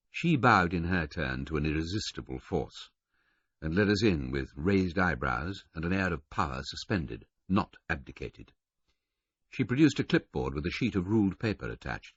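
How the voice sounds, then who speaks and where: Low, husky male audiobook narrator. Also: big pitch swings, moderate pace, fairly bright tone, dry recording, muffled recording. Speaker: audiobook reader. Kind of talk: first-person novel narration.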